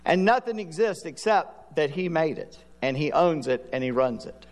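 A man's voice: fairly high pitch, animated. Man preaching in a reverberant hall. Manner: conversational preaching with quick asides. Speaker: pastor. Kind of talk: sermon.

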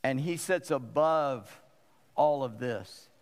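A man's voice: mid-range voice, slow, big-room sound. A man, a pastor preaching a sermon in an emphatic way and repeating phrases for stress.

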